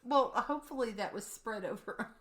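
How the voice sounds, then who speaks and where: A woman co-hosting a podcast, reacting with quick, giggly, animated remarks in casual chat. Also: a little high. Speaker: podcast co-host.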